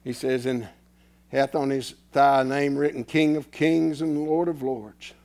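A man preaching a sermon, swinging from loud declarations to hushed, near-whispered lines. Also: mid-range voice, fairly even intonation, measured pace.

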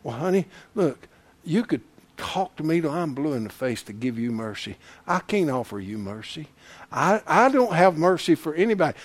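A man teaching a Bible class in sermon style, folksy and animated, breaking into shouts to press a point. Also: on the high side, normal speed.

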